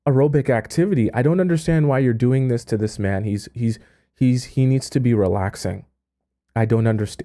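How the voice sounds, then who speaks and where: A man with a mellow, slightly high voice reads a letter aloud on his dating-advice live stream. Incredulous, he stammers, drops into mutters as he trails off, and bursts out laughing.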